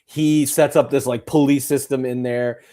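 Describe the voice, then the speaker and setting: A man's voice: medium pitch, steady tone, normal speed, dark tone. A man co-hosting a casual movie podcast, chatty and jokey, with lots of fillers. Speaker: podcast co-host. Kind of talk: casual movie review chat.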